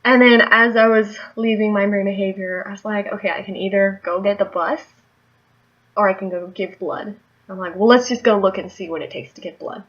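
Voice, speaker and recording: A young woman chats her way through a story for her vlog, rambling and laughing as she goes. Her voice sits in a middle pitch. The recording is a little dull and lo-fi. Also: steady tone, brisk. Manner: chatty, rambling, laughs often. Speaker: vlogger.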